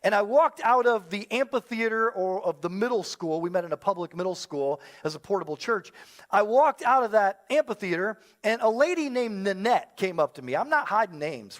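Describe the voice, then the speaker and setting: A man's voice: high voice, a bit bright. A man in his thirties, a pastor preaching a sermon, telling a story with self-deprecating humor. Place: church service with live audience.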